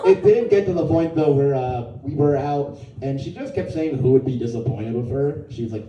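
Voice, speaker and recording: A man doing a stand-up set, telling stories casually and dropping into lower voices to quote people. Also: expressive, fairly quick, few pauses, mellow, roomy sound, distant mic, highs cut off, slight background noise. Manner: conversational storytelling, quotes others in a lower voice. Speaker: stand-up comedian. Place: comedy venue with a live audience.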